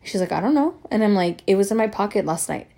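A young woman who grew up speaking tells a long personal story in a casual, animated way, swearing and acting out what others said. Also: mid-range voice, fast talker, vocal fry. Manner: animated, swearing, acts out quoted voices.

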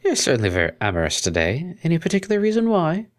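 A man's voice: on the high side, wildly swooping pitch, quick pace, pitched above the performer's own voice. A man voicing a prim, refined young female pony cellist with proper, fussy diction, in a storybook reading. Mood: exasperated.

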